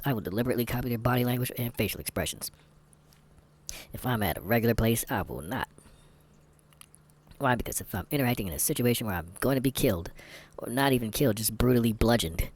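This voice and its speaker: A man's voice: on the low side, darkish tone. A man vlogging candid commentary while taking a test, rambling, sarcastic and muttering asides to himself.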